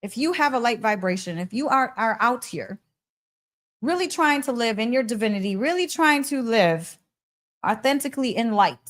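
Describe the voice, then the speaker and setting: A woman hosting a podcast, giving a casual, heartfelt spiritual pep talk, laughing often and speaking emphatically. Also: a little high. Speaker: podcast host.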